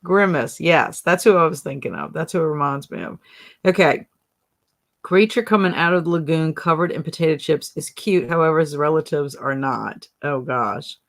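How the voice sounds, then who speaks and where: A woman's voice: sits low, moderate pace. A woman hosting a casual livestream, laughing often, exclaiming and reading out viewer comments. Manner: giggly, exclaims often, reads chat comments. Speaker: livestream host.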